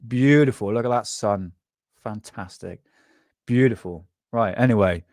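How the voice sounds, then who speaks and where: Rambling English livestream host. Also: male voice, on the low side, a little slow, a little mellow, dry recording, studio quality. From England. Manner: rambling, laughing, talking to chat. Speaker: host of a live UFO show. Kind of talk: casual live-stream chat.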